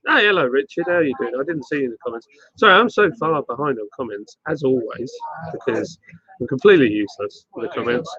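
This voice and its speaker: A man hosting a casual, joking livestream chat in a bottle shop, talking in halting bursts with fillers. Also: mid-range voice, expressive, pushed and bright. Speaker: livestream host. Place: independent bottle shop bar. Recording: dull lo-fi livestream audio.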